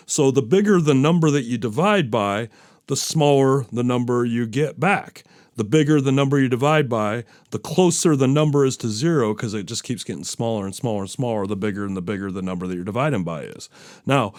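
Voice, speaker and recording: A man's voice: mid-range voice, a little mellow, dry recording, studio quality. A man hosting a podcast, talking in a casual, rambling way with plenty of fillers and self-deprecating asides. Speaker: podcast host. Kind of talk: casual solo podcast chat.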